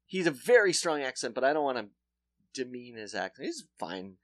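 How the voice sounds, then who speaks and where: A man's voice: mid-range voice, very animated, brisk, a bit bright, no echo. A man co-hosting a comedy podcast, telling profane, self-mocking stories in casual chat. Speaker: podcast co-host.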